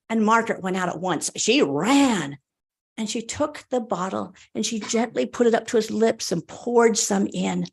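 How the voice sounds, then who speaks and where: Animated, breathy woman telling a story. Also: mid-range voice, moderate pace. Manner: expressive, animated, laughs with the audience. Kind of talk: live storytelling performance.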